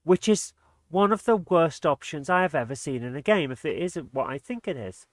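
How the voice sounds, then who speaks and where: A man's voice: fairly high pitch, lively intonation, normal speed, no echo. A man commentating casually on his gameplay as a let's play host, exasperated and muttering under his breath.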